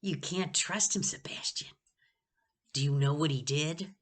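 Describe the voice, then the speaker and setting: A woman's voice: low-pitched, expressive, normal speed, bright, forceful tone, exaggerated voice. A woman voicing a cruel, sneering boy who taunts and gloats over his words, in a storybook reading. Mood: sly.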